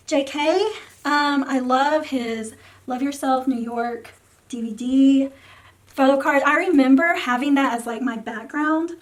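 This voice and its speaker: A young woman with a high voice talks casually to her viewers, her throat sore and worn. She rambles through her thoughts with plenty of fillers and lets her sentences fade off softly. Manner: rambling, many fillers and soft trailing words. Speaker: photocard collecting vlogger. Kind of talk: casual rambling vlog talk.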